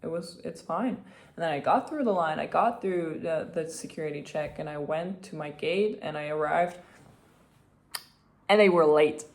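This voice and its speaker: A woman with a slightly low voice chats through a personal story in a relaxed vlog, full of "like" and "um". Her retellings of conversations get lively and animated. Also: normal speed. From Austria. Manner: chatty, many fillers, animated retelling. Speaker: vlogger.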